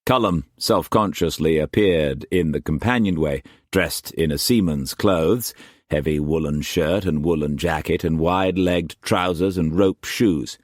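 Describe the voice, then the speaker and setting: A man narrating an audiobook in a measured, expressive storytelling manner. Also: very deep voice, no room sound, clean studio sound. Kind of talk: scripted narration.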